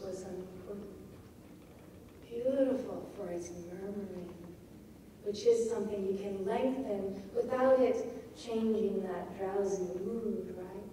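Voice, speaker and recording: Slow-speaking woman lecturing in an echoey hall. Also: mid-range voice, mellow, recorded from a distance, slight background noise. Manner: measured, checks in with the audience by asking "right?". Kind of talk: poetry lecture. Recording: echoey hall recorded from afar.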